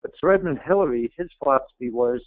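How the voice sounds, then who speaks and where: A man's voice: mid-range voice, lively intonation, quick pace, no room sound. A middle-aged man giving an earnest, emphatic motivational talk as a guest speaker. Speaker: guest speaker, retired Navy SEAL. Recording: tinny phone-like, dry.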